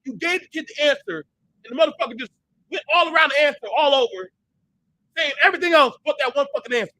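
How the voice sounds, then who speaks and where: A man hosting a heated, profane commentary rant who repeats himself for emphasis and breaks into shouts when worked up. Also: very high-pitched, fast talker, rough recording. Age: adult parent. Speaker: host.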